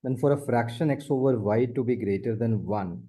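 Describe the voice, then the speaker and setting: A man's voice: mid-range voice, brisk, warm tone. A man tutoring math one on one, explaining step by step and repeating his points. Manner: explains step by step, repeats points, often says the student's name.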